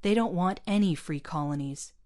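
A woman's voice: on the low side, moderate pace, warm tone, natural voice. A woman voicing a gloomy, firm male colony leader.

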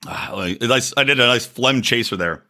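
A man's voice: mid-range voice, a little fast, pushed and bright. A middle-aged man telling a story in casual chat, swearing freely and acting out both sides of phone calls. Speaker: podcast co-host.

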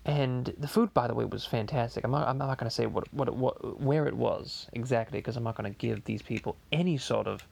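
A man playing Stewie as a foul-mouthed podcast host who rants in a gravelly voice. His speech is rambling and full of stammered restarts. His pitch sits in an ordinary male middle range. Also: darkish tone. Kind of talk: comedic podcast monologue.

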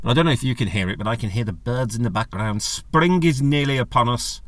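A man's voice: quick pace, no echo. A man hosting a casual solo podcast, chatty and jokey, rambling from one aside to the next. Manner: rambling, chatty and jokey, with animated pitch jumps. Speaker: podcast host.

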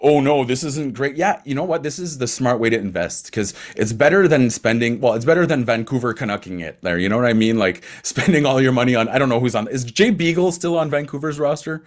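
A man in casual sports chat about hockey, animated, laughing often, with quick asides. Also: medium pitch. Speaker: hockey commentator.

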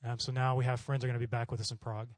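Fast-talking animated male preacher. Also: mid-range voice, no echo. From Oklahoma. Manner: animated, acts out voices in his stories. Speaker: missionary preacher. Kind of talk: storytelling sermon.

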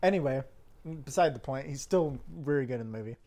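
A man co-hosting a casual movie podcast, with a voice of ordinary middle pitch. He rambles through plot recaps and trails off into quieter asides. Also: lively intonation, fairly quick. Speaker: podcast co-host. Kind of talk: casual movie review chat.

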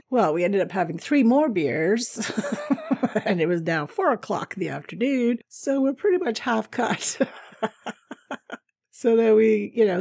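A woman's voice: mid-range voice, gravelly, a little mellow, slightly rough, no echo, clean studio sound. A middle-aged woman from North America telling a rambling, chatty travel story, laughing often.

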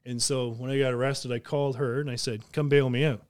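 Here a podcast host from southern Ontario, Canada, speaks at a medium pitch and a slightly fast clip, his tone clear and resonant. He tells casual stories full of profanity and laughter with real animation. There's no echo, and it sounds studio quality.

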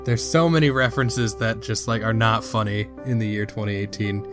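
Lively man in his thirties reviewing films. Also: on the low side, a little fast, music in the background. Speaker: podcast co-host. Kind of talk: casual movie review chat.

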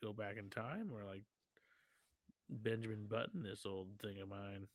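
A man's voice: lowish voice, measured pace, no room sound, clean studio sound. A man co-hosting a comedy podcast in loose, slangy casual chat. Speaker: podcast co-host.

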